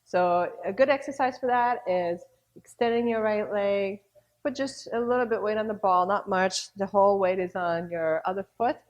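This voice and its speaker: A woman's voice: medium pitch, moderate pace, a little mellow, muffled recording. Woman teaching a beginner dance class. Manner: encouraging, counts beats aloud. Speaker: dance instructor.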